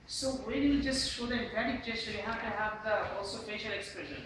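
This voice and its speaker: A man with a Bangladeshi English accent lecturing a university class on presentation gestures, often checking in with "Clear?" and "Yes?". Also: high voice, brisk, few pauses. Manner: animated, repeatedly asks "Clear?" and "Yes?". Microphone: camera at the back of the room. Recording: echoey classroom from far off, noisy.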